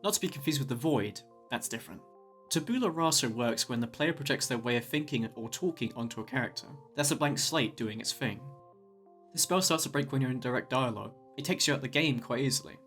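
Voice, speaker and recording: A man's voice: medium pitch, lively intonation, a little fast, fairly bright tone, faint music behind. Wry man narrating a video essay. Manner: wry, jokey asides.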